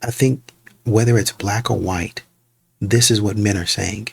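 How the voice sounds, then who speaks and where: A man's voice: on the low side, steady tone, measured pace, gravelly, husky, no echo. A man hosting a reaction video, reasoning aloud in a conversational way. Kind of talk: casual reaction commentary.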